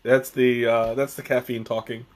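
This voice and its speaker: A man hosting a casual live-stream tea tasting, chatty and joking, who talks haltingly with many restarts and fillers. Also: medium pitch, level tone. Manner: chatty and joking, often chuckling.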